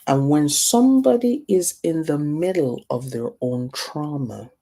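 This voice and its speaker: A middle-aged African woman with a deep, mellow voice teaches a class, speaking animatedly and a little slowly. She tells a personal story in a storytelling manner, acting out the voices of the people in it.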